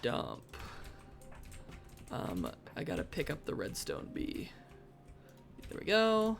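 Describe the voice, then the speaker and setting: A woman with a low, gravelly voice talks her way slowly through a live game stream, muttering wry asides to herself. Her delivery swings widely in pitch, jumping from flat mumbles to sudden squeaky outbursts. Soft background music plays under her voice. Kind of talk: casual live gameplay commentary. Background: faint background music.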